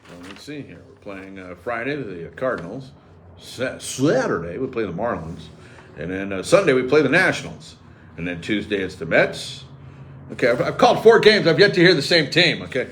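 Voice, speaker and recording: A man's voice: mid-range voice, moderate pace, slight background noise. A man hosting a sports radio show, riffing and joking sarcastically in casual banter. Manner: animated, sarcastic, riffing jokes. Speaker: radio host.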